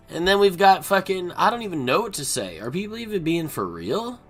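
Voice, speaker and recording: A man ranting as a poker streamer, profane and combative. His voice runs a touch high and has a bright, forceful edge. He drops to grumbles and then bursts into shouts, with faint music behind him. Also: lively intonation, moderate pace. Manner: profane, ranting, swings between mutters and shouting. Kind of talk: unscripted rant while playing online poker.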